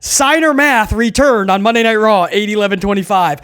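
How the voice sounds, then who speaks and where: A man's voice: sits high, normal speed, hardly any pauses, a bit bright, smooth. A man hosting a casual wrestling review, talking sarcastically and rambling with stammered restarts. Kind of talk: casual video review rant.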